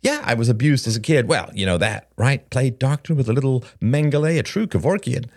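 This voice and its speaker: Brief: restless, sharp-tongued young woman in an audiobook, lively swooping pitch, dry close sound, voiced by a male reader. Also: no room sound. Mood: jittery. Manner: rapid, restless, sardonic rambling. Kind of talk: audiobook character reading.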